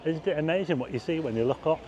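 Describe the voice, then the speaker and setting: The audio is dull with slight background noise, and the man talks fast in a mellow, slightly high voice. He's a vlogger casually rambling through a night walking tour outdoors, from a car park roof to the town streets, pointing out sights for his viewers.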